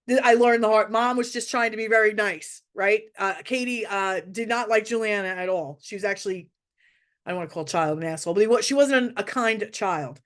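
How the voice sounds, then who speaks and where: Speaking quickly at a medium pitch, a mother tells a personal parenting story to share advice. She's casual and candid, and she often restarts her phrases.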